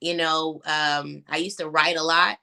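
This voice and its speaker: Bright-voiced woman telling a personal story. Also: low voice, steady tone, unhurried, gravelly. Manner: candid, filler-heavy, chokes up at times. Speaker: guest. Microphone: video call.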